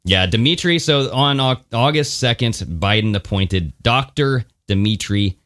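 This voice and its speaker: A man's voice: medium pitch, animated, measured pace, fairly bright tone. A man hosting a podcast, reading out a news story with crude jokes in a casual chat. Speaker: podcast host.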